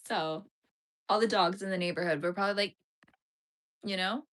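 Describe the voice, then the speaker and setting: A woman's voice: mid-range voice, steady tone, moderate pace, a bit bright. A young woman hosting a casual crochet livestream, chatting with viewers, giggly and full of "like" fillers. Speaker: livestream host.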